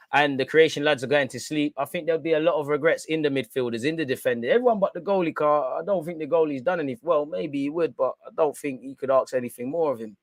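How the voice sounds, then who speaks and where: A man's voice: on the high side, no echo. A young man hosting a live football watch-along, chatting in slang straight to his viewers. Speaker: live stream host.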